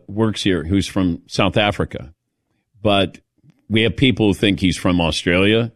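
A man's voice: fairly low pitch, no room sound, clean studio sound. A man hosting a talk show, bantering casually with his crew and calling on them by name, often laughing.

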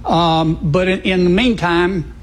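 A man speaking as a senator in an interview clip, folksy and plain-spoken, pausing on fillers. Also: high voice, slight background noise, low-quality recording. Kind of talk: interview answer.

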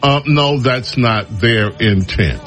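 Male talk radio host, sarcastic and rambling, lively swooping delivery, faint music under. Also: medium pitch, measured pace. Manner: sarcastic, mocking, rambling asides. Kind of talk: opinionated talk radio monologue.

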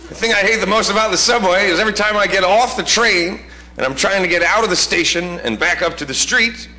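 High-pitched guy doing stand-up, ranty and fed up, echoey club, crowd noise. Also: a little fast, sharp tone. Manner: exasperated ranting storytelling. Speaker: stand-up comedian. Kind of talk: stand-up comedy routine. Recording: roomy live club recording with crowd.

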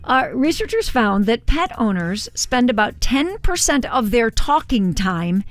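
A woman's voice: a little high, sing-song, measured pace. A woman hosting a morning radio chat, upbeat and leading the segment with questions. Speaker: radio show host.

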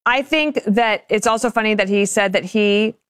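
A woman on a talk show panel, chatting wryly with quick asides. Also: medium pitch, smooth, no echo, studio quality. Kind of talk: casual panel chat.

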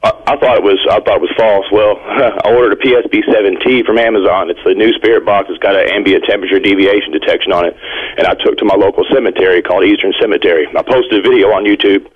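A man from Indiana calling in to a radio show, telling a rambling, excited story with nervous laughs. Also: lowish voice, fast talker, husky. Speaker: caller. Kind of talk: phone-in storytelling. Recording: tinny phone line.

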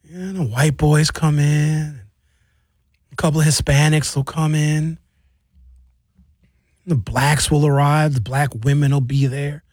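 A man hosting a radio talk show and podcast, outspoken and animated, telling stories and giving blunt opinions. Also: fairly high pitch, slow, pauses often, no room sound, clean studio sound.

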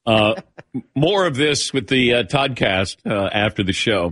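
A man's voice: mid-range voice, lively intonation, measured pace, a bit bright. A man hosting a sports talk radio show, teasing his co-workers in casual banter.

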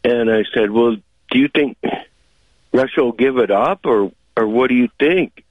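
A man calls into a talk show and tells a long story at an easy, chatty pace, leaning on fillers. His voice sits at an ordinary pitch. It comes through a dry, tinny phone line. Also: moderate pace, dry recording. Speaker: caller. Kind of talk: call-in radio talk.

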